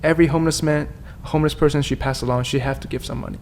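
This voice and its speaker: Gravelly man. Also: fairly high pitch, steady tone, rapid-fire, a little hiss or hum. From China. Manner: earnest, candid, with frequent restarts. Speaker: podcast guest. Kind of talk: personal storytelling in conversation.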